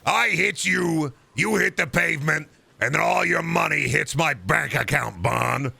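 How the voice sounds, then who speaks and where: A gruff cartoon caveman, as a male streamer puts him on, talking slow and threatening with heavy pauses. The voice is gravelly and bright at the edge, sounding like a menacing mob boss from the stone age. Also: a little high, expressive, dry recording, full character voice.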